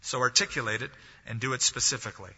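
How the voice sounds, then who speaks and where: A man's voice: mid-range voice, steady tone, fast, pushed and bright, slightly rough. A man preaching a sermon as pastor, telling a story and acting out the voices of the people in it. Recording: dull lo-fi audio, long hall reverb.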